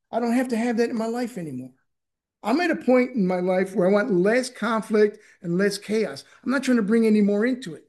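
A man's voice: high-pitched, a little mellow. A middle-aged man telling his personal story at a recovery meeting, rambling and often restarting his sentences. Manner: rambling, repeats words, frequent restarts. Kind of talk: personal testimony.

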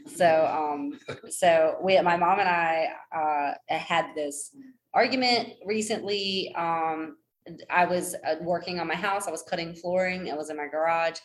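A woman's voice: measured pace, poor audio. A woman in her forties telling a personal story in a rambling, self-deprecating way, full of fillers and restarts, acting out what others said. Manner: acts out quoted voices with big pitch jumps. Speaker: speaker sharing a personal story.

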